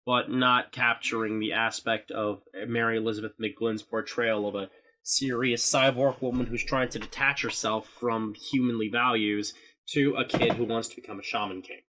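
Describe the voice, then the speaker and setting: A man's voice: fairly low pitch, pushed and bright. A man co-hosting a casual podcast chat, rambling through explanations and swearing now and then. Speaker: podcast co-host.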